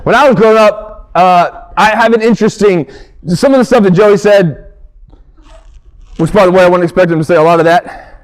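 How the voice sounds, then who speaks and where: A man's voice: sits high, fairly quick, long pauses, clean tone. A man doing a stand-up comedy set on stage, telling stories and acting out characters. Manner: animated storytelling, acts out characters. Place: stage before a live audience.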